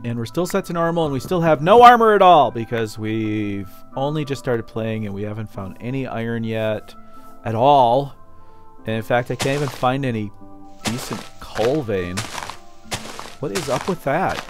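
A man's voice: medium pitch, animated, moderate pace, soft background music. A man hosting a casual let's play, chatting playfully as he goes and talking to objects in the game.

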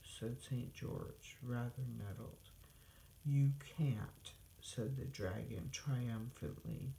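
A woman reading a classic story aloud in a calm, steady storytelling manner. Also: a bass voice, takes it slowly, gravelly, a little hiss or hum. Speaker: story reader. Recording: roomy echo.

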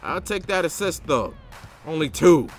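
A young man commentating his own basketball video game, loud and exasperated, yelling and swearing at the players. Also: on the high side, very animated, unhurried. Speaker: gaming YouTuber. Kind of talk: live gameplay commentary. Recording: game music behind the voice. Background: game music and basketball commentary.

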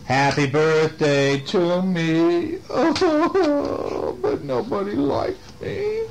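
A man's voice: high-pitched, huge pitch swings, slow pace, a bit bright, pitched above the performer's own voice, full character voice, poor audio. A man putting on a sad little birthday critter. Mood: plaintive. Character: sad little male animal on his birthday.

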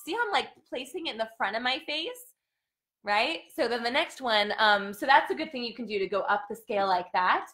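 Brisk and lively in her intonation, a young woman with a slightly high voice gives a live singing lesson, her voice tired as she explains vocal exercises. She demonstrates by singing and shouting example notes in between.

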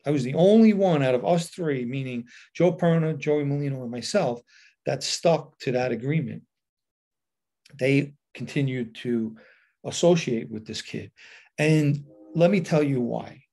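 A middle-aged man tells a story from his past in a loose, casual monologue. He switches into the voices of the people he quotes, so his delivery keeps shifting in speed and loudness. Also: medium pitch, unhurried. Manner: animated retelling with quoted dialogue. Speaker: podcast host telling a personal story.

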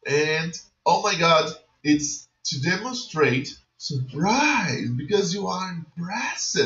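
A man with a Brazilian Portuguese accent teaching an online English class for children, talking slowly and checking in often with "okay?" and "yes or no?". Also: a little high, animated, sharp tone. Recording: roomy, dull lo-fi sound.

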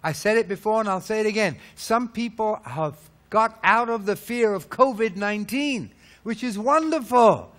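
High-pitched male preacher, emphatic sermon delivery, rhetorical questions, sharp swings in volume. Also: normal speed. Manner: swings between loud peaks and low hushed lines.

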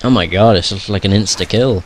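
A man's voice: lowish voice, fairly quick, a little hiss or hum. A young man giving casual gameplay commentary, swearing a lot, grumbling at the game and laughing at himself. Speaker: gamer playing through a video game.

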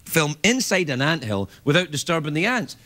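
Animated, high-voiced male talk show host. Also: normal speed. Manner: playful, animated, laughing through lines. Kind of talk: comic monologue. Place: TV studio. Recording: loud background noise.

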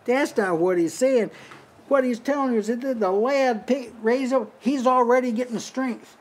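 An older man leads Bible teaching at a small house church meeting. His voice sits high for a man, and he talks in a loose, conversational way. He chuckles often and lifts his voice noticeably whenever he quotes a line. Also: moderate pace. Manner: conversational, breaks into lifted voice for quoted lines, frequent short laughs. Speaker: preacher.

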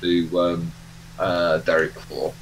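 Low-pitched male streamer, rambling casual talk, humming background noise. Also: monotone, measured pace, poor audio. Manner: rambling, full of fillers and restarts. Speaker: live stream host. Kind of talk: casual chat while playing a train game.

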